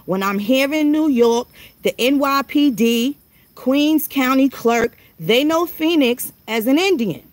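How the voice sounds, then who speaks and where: Woman, vlogger, slightly high pitch, blunt profane rant, rhetorical questions. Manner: blunt, confrontational, profane street talk; drawn-out phrases with rhetorical questions. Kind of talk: direct-to-camera rant.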